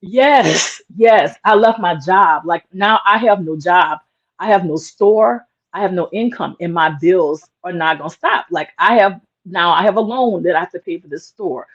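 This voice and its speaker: A woman's voice: fairly low pitch, moderate pace. Woman telling her story in an interview, real earnest, says like a lot, kinda muffled lo-fi audio. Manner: earnest, emotional, many "like" fillers. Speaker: interview guest, small business owner. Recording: dull lo-fi sound.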